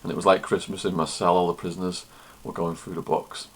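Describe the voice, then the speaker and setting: A man with a fairly low voice talks straight to the camera as a vlogger and former prisoner. He tells stories in a plain, matter-of-fact, conversational way. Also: little pitch movement, fast talker, husky. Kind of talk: storytelling to camera.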